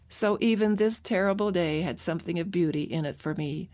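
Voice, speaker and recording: Audiobook narrator: a woman with a lowish voice, measured and earnest. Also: fairly even intonation, a little mellow.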